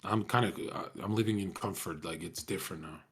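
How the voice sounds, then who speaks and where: A man's voice: low-pitched, a little fast. A young man talking casually to his viewers, rambling in slang, swearing often and calling everyone bro. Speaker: streamer talking to chat.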